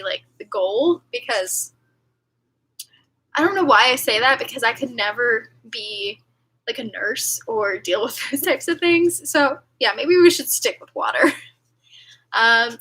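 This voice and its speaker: Bright, rambling young woman streamer. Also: a little high, breathy edge, rough recording. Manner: rambling, filler-heavy, giggly. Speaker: livestream host. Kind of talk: casual livestream chat with viewers.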